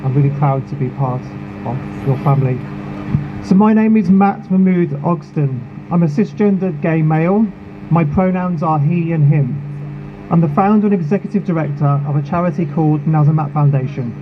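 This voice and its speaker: A man delivers a measured, emotional speech at a protest in a fairly high voice. The sound is narrow and phone-like. Street noise and passing vehicles run clearly under his words. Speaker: charity founder speaking at a protest. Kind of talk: prepared speech at an outdoor rally.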